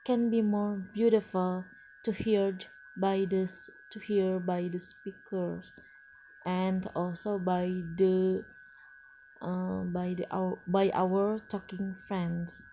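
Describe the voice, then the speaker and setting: Woman, non-native English teacher, slow halting lecture delivery, mellow tone, faint room hiss. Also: medium pitch, level tone. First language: Indonesian. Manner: slow and hesitant, frequent uh fillers and restarts. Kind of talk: lecture presentation.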